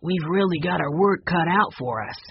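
A woman's voice: lowish voice, lively intonation, moderate pace, vocal fry, highs cut off, slight background noise. Henry, woman voicing a confident teenage boy. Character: confident teenage older brother. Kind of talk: audiobook character reading.

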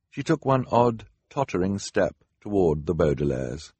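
Male audiobook narrator, low and husky, lively dramatic delivery, dry close recording. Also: normal speed, few pauses, no echo. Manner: expressive storytelling with dramatic rises. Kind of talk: scripted narration.

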